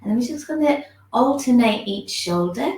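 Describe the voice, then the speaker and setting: A woman teaching a gentle online movement class, giving soft, soothing instructions and yawning now and then. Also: on the high side, lively intonation, moderate pace. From England. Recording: echoey room.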